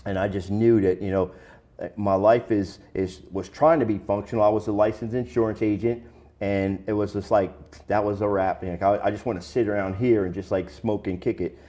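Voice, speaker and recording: A man's voice: fairly low pitch, fairly even intonation, normal speed, mellow. A man speaking as an interview guest, candid and plain-spoken, telling his own story in a casual, conversational way with some slang.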